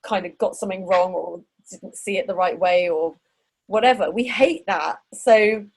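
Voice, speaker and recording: Woman, podcast host and coach, talkative, a little breathy, mid-range voice. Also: medium pitch, moderate pace, low-quality recording. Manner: chatty, laughs often, animated. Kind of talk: casual interview chat.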